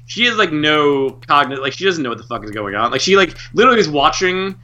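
Bright-voiced rambling man. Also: a little high, very animated, quick pace, dull audio. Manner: rambling, heavy on filler words and restarts. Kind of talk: casual chat.

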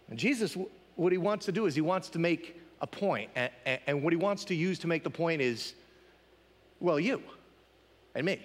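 A male pastor delivers a sermon in a chatty, questioning way. His voice sits high and swings widely in pitch. A long reverb from a large hall hangs behind his words. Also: animated, moderate pace. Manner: conversational, asks the congregation questions.

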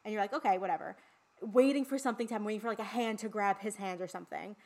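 A woman's voice: mid-range voice, fairly even intonation, very fast, a little mellow. A woman co-hosting a podcast, talking casually and swearing freely about a horror film. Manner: chatty, swears freely, lots of fillers. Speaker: podcast co-host.

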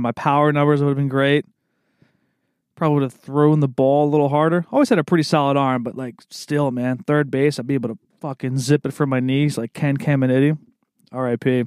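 A man's voice: mid-range voice, a little mellow, no room sound, studio quality. A young man hosting a casual solo chat, rambling in a laid-back way and calling everyone "man" and "dude.". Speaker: podcast host.

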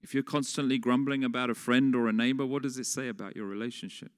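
A man's voice: mid-range voice, steady tone, quick pace. A man preaching a sermon in a conversational way, putting questions to the congregation. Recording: long reverb of a large hall.

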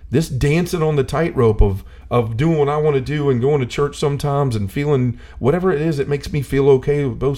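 A man's voice: mid-range voice, dark tone. A man talking earnestly about faith in a casual discussion, full of "like" fillers, building to a preachy intensity.

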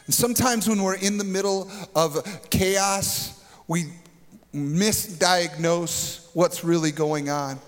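A man preaching from a church stage, his voice set a little high for a man. He tells the story with drama and builds to emphatic peaks. The sound carries a long hall reverb. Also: slow pace. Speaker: pastor. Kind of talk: sermon.

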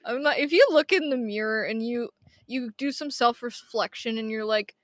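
A woman's voice: fairly high pitch, dry recording, clean studio sound. A young woman from Washington State, co-hosting a casual podcast in a giggly, rambling, self-deprecating way. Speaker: podcast co-host. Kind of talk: casual chat.

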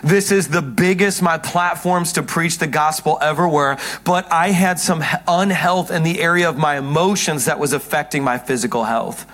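A man's voice: on the high side, moderate pace, hardly any pauses, fairly bright tone. A male pastor preaching a sermon from a church stage. He is jokey and self-mocking one moment and earnest and pleading the next. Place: church stage before a congregation.

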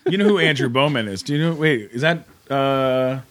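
A man on a podcast who reacts with excited exclamations. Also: mid-range voice, moderate pace. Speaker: podcast co-host or guest.

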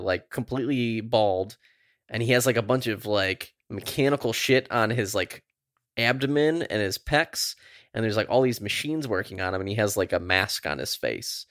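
Low-voiced man in laid-back podcast chat. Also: fairly bright tone, no room sound, clean studio sound. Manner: rambling, filler-heavy, laid-back. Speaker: podcast co-host. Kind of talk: casual chat.

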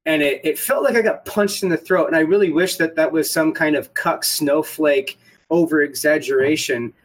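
A man's voice: fairly high pitch, moderate pace, rough recording. A man casually telling a rambling, profane story about getting shot at an airsoft game. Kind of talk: casual podcast chat.

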